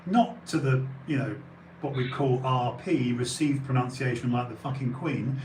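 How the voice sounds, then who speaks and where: A man from England with a medium-pitched, darkish voice hosts a live-streamed talk show as a podcast host, speaking at normal speed. The casual conversational interview is candid, with offhand swearing and phrases repeated for emphasis, recorded in an echoey room with faint noise.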